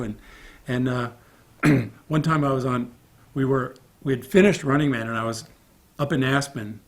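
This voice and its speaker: Animated man telling an on-set anecdote. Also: mid-range voice. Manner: animated storyteller acting out quoted voices. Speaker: film crew member recalling a production. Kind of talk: casual anecdote in an interview.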